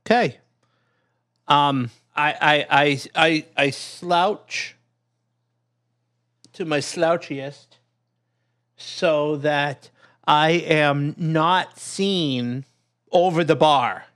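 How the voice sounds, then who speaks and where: Male tabletop player, high voice, slow unhurried delivery, stammers and restarts. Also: a bit bright, clear, resonant tone. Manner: hesitant, stammering. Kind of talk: tabletop game play.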